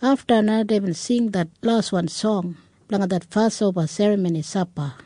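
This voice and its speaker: A woman with an Australian Kriol accent gives a steady, measured scripted narration. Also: medium pitch, no echo.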